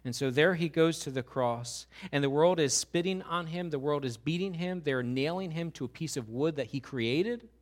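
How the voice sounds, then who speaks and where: A man, a pastor, preaching an animated sermon, often acting out quoted voices and building to loud, rising questions. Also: a little high, normal speed, hardly any pauses.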